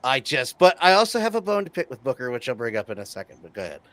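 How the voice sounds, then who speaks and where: A man co-hosting a casual wrestling talk show, heated and swearing, swinging from loud to quiet. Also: medium pitch, big pitch swings, racing, no echo. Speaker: podcast co-host.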